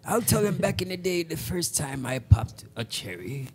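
A man's voice: fairly high pitch, sing-song, moderate pace, slightly rough, pitched below the performer's own voice. A man improvising a creepy old man who tells children things their parents won't, in a sly, rambling way. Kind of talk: improvised character voice on a radio show.

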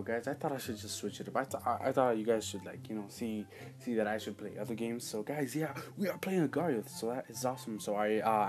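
A gaming channel host gives casual let's-play commentary in a medium-pitched voice. He rambles excitably, with sudden loud outbursts mixed with quiet asides.

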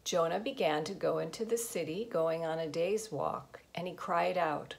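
A woman reading a Bible lesson aloud in a steady manner. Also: fairly low pitch, normal speed, creaky, hardly any pauses. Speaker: lector. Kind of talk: scripture reading.

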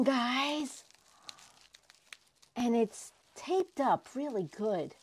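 Slow-talking excitable woman unboxing prizes. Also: mid-range voice. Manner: gushing, excitable, repeats herself. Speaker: crafting vlogger. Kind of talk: casual unboxing vlog.

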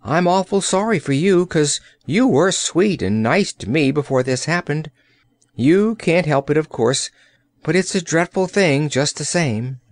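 A man's voice: a little high, lively intonation, unhurried, no echo, voice pushed up. A man voicing a frank, plucky little girl who speaks earnestly and bluntly. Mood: sorry. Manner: earnest, pleading, outspoken.

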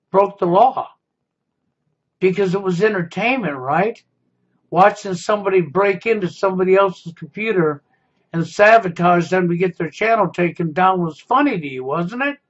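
A man giving a confrontational monologue as a commentator, often ending his points with a pointed "okay?". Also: high voice. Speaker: YouTube commentator. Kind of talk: accusatory monologue. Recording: dull lo-fi sound.

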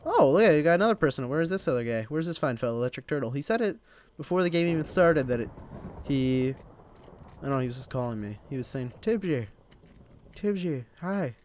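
A man's voice: mid-range voice, expressive, fast talker, darkish tone, a little hiss or hum. A young man from Illinois hosting his gaming channel, rambling casually to himself and the viewers while he plays. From Illinois, United States. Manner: rambling, chatty, self-talking while playing. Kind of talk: casual gameplay commentary.

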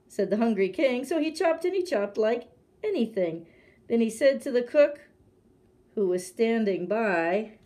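A woman librarian reading a picture book aloud to children in a gentle, animated storytelling manner. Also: a little high, measured pace.

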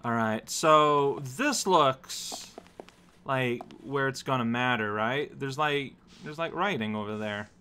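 A man casually commenting on his gameplay, musing out loud and rambling with lots of fillers. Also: medium pitch, slow, a little hiss or hum. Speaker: let's play host.

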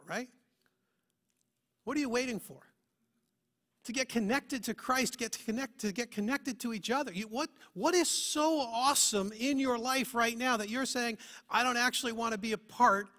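High, bright-voiced preacher man. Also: normal speed. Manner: earnest, full of rhetorical questions. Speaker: pastor. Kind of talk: sermon. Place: church.

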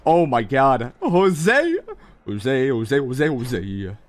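Young male gamer, excitable commentary, lively swooping pitch, faint gunfire behind. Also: extremely slow, slight background noise, poor audio. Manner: hyped, talks to chat, frequent exclamations. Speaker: mobile game streamer.

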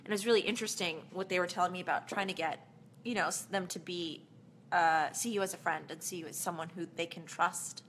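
An actress casually answering fan questions in a live Q&A, chatty and rambling, with plenty of fillers and small laughs. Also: female voice, fairly low pitch, fairly even intonation, brisk, a bit bright, slight background noise.

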